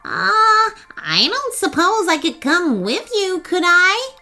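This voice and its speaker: A woman's voice: huge pitch swings, extremely slow, pushed and bright, faint music behind, heavily acted. A woman voicing a polite, curious purple alien slug in a children's storybook. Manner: polite, very high and fluty.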